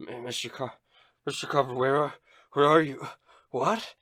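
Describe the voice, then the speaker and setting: A man's voice: medium pitch, steady tone, normal speed, fairly bright tone, no room sound, studio quality, voice pushed up, close to an everyday voice. A man doing a panicked, shrieking halfling. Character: panicked young halfling man, just maimed.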